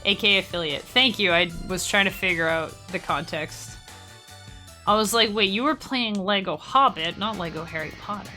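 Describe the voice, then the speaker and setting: Young woman streamer chatting w/ chat, bright voice, faint game music behind. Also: mid-range voice. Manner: chatty, talks to chat, quick laughs. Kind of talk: casual live-stream chat while gaming.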